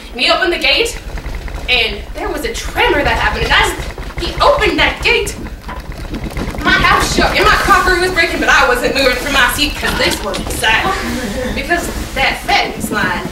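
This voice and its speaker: Lively high-voiced woman telling a story. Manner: animated, playful, teases the audience. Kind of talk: live storytelling in character. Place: room with a live audience. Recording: echoey room, distant mic, faint noise.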